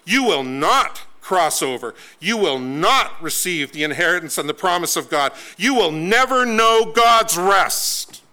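A preacher acting out a stern, angry God in a raised, higher voice that comes out forceful and crisp. The judgment is declaimed in hammering, repeated phrases. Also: male voice, animated, a little slow, hardly any pauses, heavily acted. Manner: declaiming, emphatic repetition.

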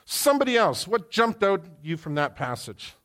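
A man, a pastor preaching a sermon to a live congregation, telling stories with lively swings in his voice and quizzing his listeners. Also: high voice, normal speed. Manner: animated storyteller who quizzes the congregation. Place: church hall with live audience.

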